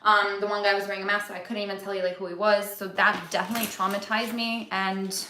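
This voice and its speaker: A woman's voice: medium pitch, flat delivery, fast talker, pushed and bright, a little hiss or hum. Young woman telling a candid story. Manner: candid, swears a lot, lots of "like". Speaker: vlogger. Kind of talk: casual storytelling vlog. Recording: roomy echo.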